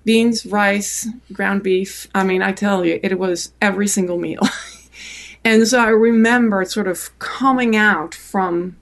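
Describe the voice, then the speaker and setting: A woman with a French accent recounts her travels at length, as a podcast guest. Her voice sits at an ordinary middle pitch with a gravelly edge of vocal fry, and she tells the story in a loose way, full of fillers. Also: steady tone, measured pace. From France. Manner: warm anecdotal storytelling with many fillers.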